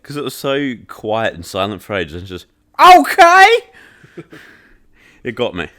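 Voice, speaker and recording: A man hosting a podcast and reviewing an album in casual chat, loose and joking, leaning on "like" and swearing freely. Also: on the low side.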